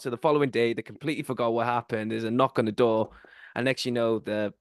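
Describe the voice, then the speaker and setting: A man's voice: mid-range voice, fairly even intonation, fast, creaky, smooth, no room sound, clean studio sound. A male podcast host, telling a rambling story in a casual chat, full of fillers.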